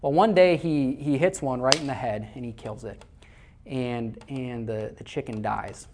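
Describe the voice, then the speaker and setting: A man from Iowa, USA, preaches a sermon in church to a live congregation, telling stories conversationally and often repeating words as he begins a phrase. His voice is medium in pitch and measured in pace, with some background noise.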